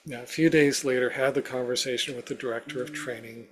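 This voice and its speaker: A man's voice: mid-range voice, steady tone, fast, fairly bright tone. A man as an interview guest, telling a personal story step by step with many "you know" fillers.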